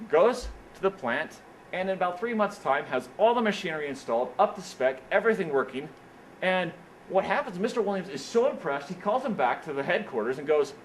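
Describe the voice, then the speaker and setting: Guy giving a motivational talk indoors, tells stories, slightly high voice, some faint room noise. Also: a little fast, rough recording. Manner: animated storyteller, repeats "what happens is, is that". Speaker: speaker at an engineering career event. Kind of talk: motivational speech with storytelling.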